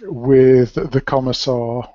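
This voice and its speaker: A man's voice: mid-range voice, fairly even intonation, takes it slowly, dry recording, muffled recording. Casual man in dry voice chat. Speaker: player. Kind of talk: tabletop game player over voice chat.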